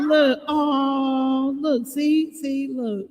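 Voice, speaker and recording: A woman hosting a casual live-stream, talking back to her chat in a chatty, emotional way and often bursting into loud laughter. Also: a little high, moderate pace, big-room sound, heavy background noise. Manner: chatty, many fillers like "you know what I'm saying". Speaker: channel host reading live chat.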